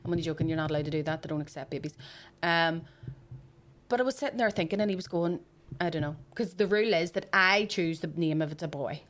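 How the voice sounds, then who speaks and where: A woman in her thirties with a Belfast accent, telling stories on a podcast in a sweary, animated way and acting out what people said. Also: low-pitched, fast talker. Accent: Belfast Northern Irish. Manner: sweary, animated, acts out quotes. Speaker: podcast co-host. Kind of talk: casual storytelling chat.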